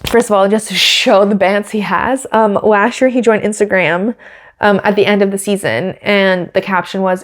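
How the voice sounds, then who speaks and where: With a mid-range voice, fairly even intonation and a moderate pace, a young podcast host gives casual, chatty commentary. She gushes, shares strong opinions, and leans on plenty of fillers.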